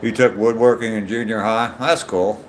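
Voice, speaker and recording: An older man from Ohio talks easily to his live stream viewers while out walking, reading their names and filling gaps with ums. His voice sits a bit low, and a faint outdoor hum runs behind him. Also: steady tone, moderate pace. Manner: reads viewer names aloud and chats back, with many ums. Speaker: livestream host. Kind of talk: casual live stream chat. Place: outdoors on a walk.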